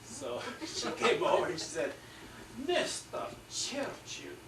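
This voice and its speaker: A man's voice: extremely high pitch, big pitch swings, moderate pace, vocal fry. An older man, an artist, telling jokes and stories in a rambling, laughing way, recorded from a distance in an echoey, noisy room. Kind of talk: casual joke-telling. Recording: echoey room, distant mic, loud noise.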